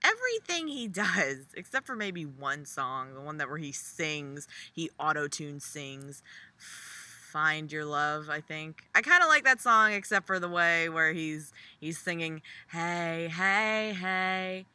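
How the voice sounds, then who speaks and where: A young woman vlogger delivering a profane, sarcastic comedic rant, jumping high for mocking asides. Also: sing-song, measured pace, sharp tone. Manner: sarcastic, profane, jumpy pitch for mock quotes.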